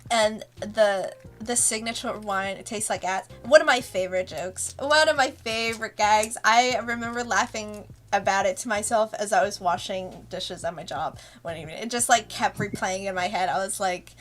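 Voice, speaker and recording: A woman's voice: medium pitch, normal speed, few pauses, fairly bright tone, soft background music. A woman, a webcomic creator, giving a casual, rambling commentary and laughing often between thoughts. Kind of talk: casual director's commentary stream.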